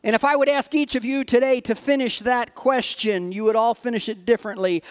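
Very high-voiced man preaching. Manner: earnest, expressive scripture reading with dramatic pauses; speaks directly to the congregation with rhetorical questions. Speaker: pastor. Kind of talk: sermon.

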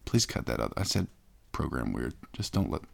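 A man's voice: rumbling low, big pitch swings, moderate pace, gravelly. A man hosting a comedic podcast, talking in a mock-pompous, self-important way. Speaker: host.

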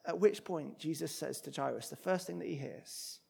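A man preaching a sermon, expressive, moving between loud emphatic passages and hushed ones. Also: on the high side, normal speed, vocal fry, hardly any pauses, slightly rough.

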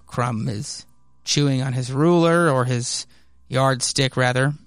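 A man's voice: mid-range voice, takes it slowly, no echo, clean studio sound. A man hosting a casual comic book podcast, narrating and chatting in a loose, rambling way. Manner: rambling, loose, many fillers and restarts. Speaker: podcast host.

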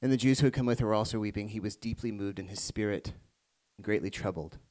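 A man preaching a sermon to a congregation, moving between hushed reflective passages and rising emphatic ones. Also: lowish voice, fast. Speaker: pastor.

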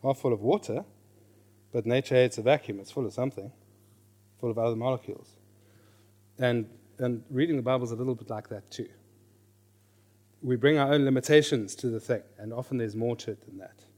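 A middle-aged man teaching a class on reading scripture. He is lively, questions his listeners, and repeats his key phrases. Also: medium pitch, a little fast, pauses often. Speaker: Bible teacher.

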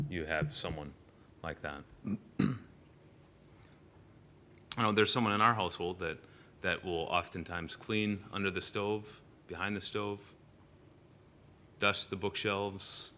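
A man's voice: low-pitched, takes it slowly, long pauses, pushed and bright, slight background noise. A male pastor giving a sermon in a church, telling stories animatedly with frequent "uh" fillers and restarts.

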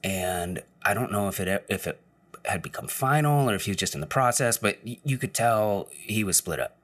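Low-voiced man rambling through a story. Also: lively intonation, moderate pace, a bit bright. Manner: rambling, with frequent fillers and restarts. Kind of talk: casual storytelling.

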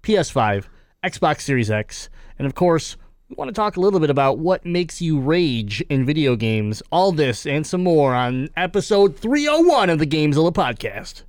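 Man, podcast host, casual banter, laughs a lot, slightly high voice, dry sound. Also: sing-song, moderate pace, no room sound. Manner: laughing, loose and joking, reads quotes aloud.

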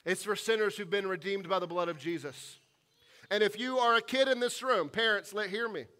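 Earnest high-voiced pastor preaching. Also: male voice. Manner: earnest, slows down for emphasis and drops to a hush on key lines. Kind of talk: sermon and closing prayer. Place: church sanctuary.

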